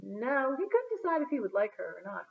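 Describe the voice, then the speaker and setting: A woman reading a children's chapter book aloud in an expressive, storytelling manner. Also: medium pitch, fast talker, vocal fry. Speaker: storybook reader. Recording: phone-like narrow sound.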